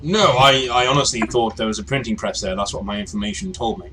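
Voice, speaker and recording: A prim, formal information broker in a spoken tabletop game, choosing each word with care, as the man running the game puts him on. His pitch sits in the middle range for a man. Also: lively intonation, fast talker, pushed and bright, a little hiss or hum. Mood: earnest. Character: smooth-talking male information broker, polite.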